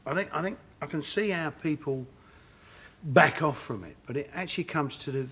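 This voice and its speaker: A middle-aged man from England with a Cockney accent appears as an actor guest on a chat show, laughing as he tells stories and acts out quotes. His voice is on the high side, a bit bright and slightly rough, at a moderate pace.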